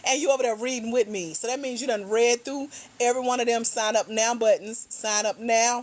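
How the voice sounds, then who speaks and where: A middle-aged woman hosting a casual livestream, a grant coach who chats with viewers in a teasing, slangy, relaxed way while walking around at home, a little tired. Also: on the high side, brisk, hardly any pauses. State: tired, low energy.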